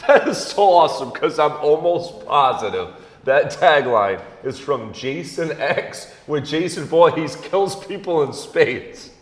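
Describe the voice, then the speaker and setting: A man's voice: a little high, lively intonation, a little slow. Joking male co-host in an echoey room. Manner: dry, joking, laughs often. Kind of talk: casual comedic chat. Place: local venue with live audience. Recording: echoey room with long reverb.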